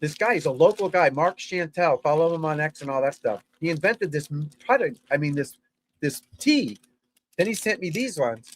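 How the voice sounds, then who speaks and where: A man's voice: fairly high pitch, no echo. A man, a golf instructor, giving casual livestream commentary in a blunt, chatty way, swearing freely and talking straight to his viewers. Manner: blunt, profane, chatty, addresses viewers as folks and guys.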